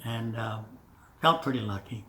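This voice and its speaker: An older man telling his memories in an oral history interview, halting with many fillers and restarts, chuckling now and then. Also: lowish voice, a bit bright. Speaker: veteran interviewee. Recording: echoey room, distant mic, faint noise.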